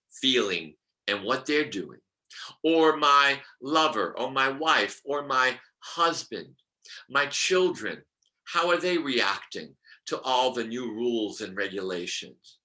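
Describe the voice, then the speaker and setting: A middle-aged man on a video call explaining numerology in an expressive teaching style, dropping now and then to a whisper and asking his listeners questions. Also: mid-range voice. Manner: expressive, drops to whispers, asks the audience questions. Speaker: numerologist guest. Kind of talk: animated teaching talk. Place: room with brick wall.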